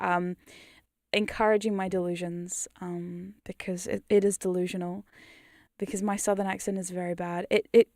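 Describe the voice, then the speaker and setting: A British woman with an accent drifting toward New Zealand, chatting casually on a livestream as a hypnosis creator, rambling, self-mocking and quick to laugh. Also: medium pitch, darkish tone, no echo, studio quality. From United Kingdom. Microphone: studio condenser mic.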